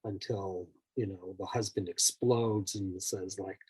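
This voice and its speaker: A male therapist talks through an example in a casual, rambling way, leaning on "like" and "you know." His voice is deep-set and very husky. He slips into the voices of the people in his story as he explains. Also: fairly even intonation, slow pace, darkish tone, poor audio. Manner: loose and conversational, full of "like" and "you know".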